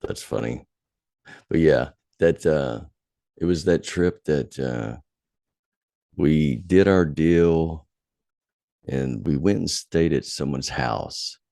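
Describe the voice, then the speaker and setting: Very deep gravelly man, casual storytelling. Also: slow, pauses often, dry recording, studio quality. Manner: profane, animated when retelling anger. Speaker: podcast host.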